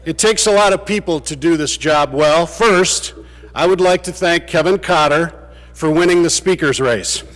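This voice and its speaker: A man's voice: on the high side, moderate pace, a bit bright. A man giving a farewell speech to fellow legislators, telling anecdotes with dry humor. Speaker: state legislator. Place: large legislative chamber. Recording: long reverb of a big chamber.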